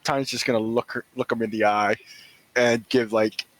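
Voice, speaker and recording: A man's voice: medium pitch, level tone, moderate pace, a bit bright, poor audio. A man playing a tabletop game, eager and prone to stammering restarts. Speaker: player. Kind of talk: tabletop role-play.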